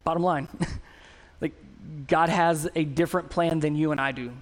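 A middle-aged male pastor with a light, high-sitting voice delivers a sermon. He tells stories with animated, self-mocking humor, swinging between quiet reflection and excited bursts. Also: moderate pace.

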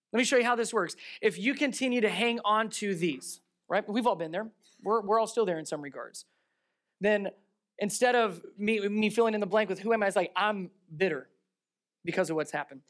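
A pastor delivering a sermon in a mid-range voice. They lean into rhetorical questions and emphatic repetition. They move between raised, stressed lines and low, heartfelt asides. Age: adult with children. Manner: swings between raised emphasis and quiet earnest tones.

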